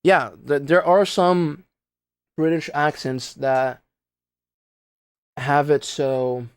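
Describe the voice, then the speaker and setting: A man's voice: a little high, flat delivery, very slow, smooth, no echo. A young man from Brazil, chatting casually on a speedrun stream in rambling, slangy speech and muttering at his own gameplay. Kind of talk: casual livestream chat while playing.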